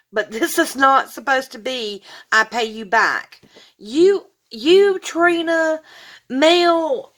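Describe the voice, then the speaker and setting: A woman vlogger opens gifts on camera and gushes over each one. Her voice sits a bit high and she talks slowly and warmly. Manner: gushing and effusive, says y'all. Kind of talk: casual unboxing vlog.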